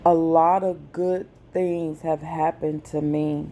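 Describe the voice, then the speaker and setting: A woman vlogger, speaking slowly and with feeling in a personal message to her viewers. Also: deep voice, level tone, dark tone, slight background noise. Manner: slow, deliberate, emotional.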